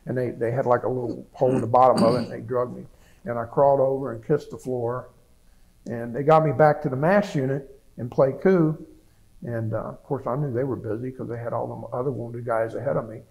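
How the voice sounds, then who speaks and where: Speaking at a medium pitch with a steady, darkish tone, this elderly US veteran talks a little fast. He tells his war story in a plain, wandering way, frequently starting over, and the interview recording is low quality.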